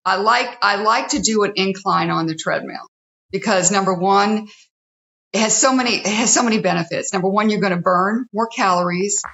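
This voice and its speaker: Appearing as an interview guest, a woman who hosts a fitness TV show talks earnestly and counts through her points one at a time. She speaks at a normal speed, her medium-pitched voice fairly bright. The recording has a roomy, slightly dull quality.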